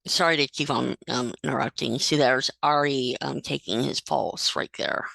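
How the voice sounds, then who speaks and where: A woman giving a casual, explanatory commentary over video footage, with occasional pauses and fillers. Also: extremely low pitch, vocal fry, heavy background noise. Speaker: legal medicine commentator.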